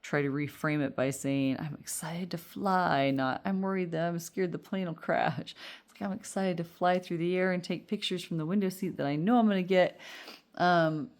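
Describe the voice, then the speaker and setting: A woman's voice: fairly low pitch, steady tone, moderate pace, a little mellow. A woman giving a casual, reassuring tarot reading, chatty and rambling with fillers. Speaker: tarot reader.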